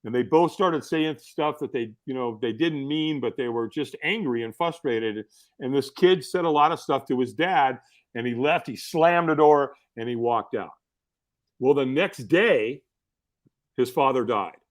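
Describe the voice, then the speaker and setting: A middle-aged man telling stories as a podcast guest, in a casual, animated way full of fillers and restarts. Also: mid-range voice, measured pace. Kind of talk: casual storytelling.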